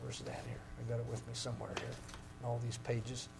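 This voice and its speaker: A man preaching a sermon with great passion, rising to loud cries and dropping to near-whispers. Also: mid-range voice, completely flat delivery, a little fast, gravelly. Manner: impassioned, swings from shouting to near-whispers.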